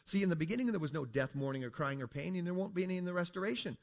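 A man's voice: sits high, expressive, racing, vocal fry. Canadian man preaching to a congregation. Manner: conversational, asks the audience questions, says "folks". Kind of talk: creation apologetics talk to a congregation.

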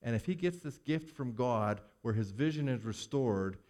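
A man's voice: medium pitch, expressive, normal speed, warm tone. A man preaching a sermon to his congregation, using rhetorical questions and acting out the words of Bible figures in short quoted lines. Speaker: pastor.

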